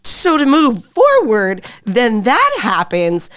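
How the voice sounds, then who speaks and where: A woman's voice: a little high, wildly swooping pitch, slow, fairly bright tone, dry recording, clean studio sound. A woman guest on an interview podcast, frank and laughing easily, swearing casually.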